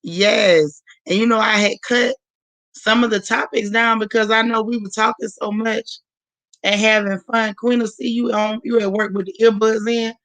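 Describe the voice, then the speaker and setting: A hoarse woman hosting a livestream in casual chat, warmly greeting viewers by name one after another. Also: fairly high pitch, steady tone, moderate pace, dry recording, low-quality recording. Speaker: livestream host.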